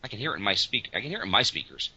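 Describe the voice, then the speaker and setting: Exasperated man ranting, bright voice. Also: fairly low pitch, very animated, racing, breathy edge. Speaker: podcast co-host. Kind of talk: casual comedic chat. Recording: dull lo-fi podcast audio.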